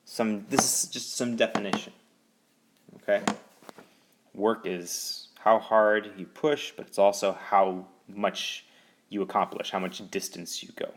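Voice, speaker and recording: Male physics teacher, lower voice, energetic and emphatic whiteboard lecture. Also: unhurried, slight background noise. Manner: lively, emphatic teaching with sudden rises in pitch. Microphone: voice-over recording.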